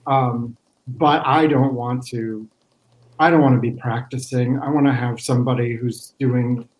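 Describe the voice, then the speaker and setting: A man, a podcast guest, speaking in a measured, thoughtful way in casual chat. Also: mid-range voice, steady tone, poor audio. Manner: measured, thoughtful, with small restarts.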